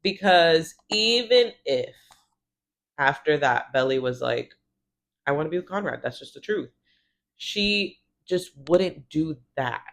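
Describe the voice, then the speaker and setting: A woman's voice: low-pitched, expressive, slow pace. A woman in her thirties giving a casual, chatty TV recap, swearing freely and acting out the characters' lines. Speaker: show recap vlogger.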